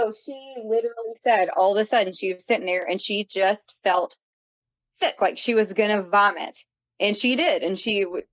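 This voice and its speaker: A woman's voice: mid-range voice, no echo. A woman in her late thirties, a guest vividly retelling a story with lots of fillers. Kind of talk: casual interview storytelling. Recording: dull lo-fi sound.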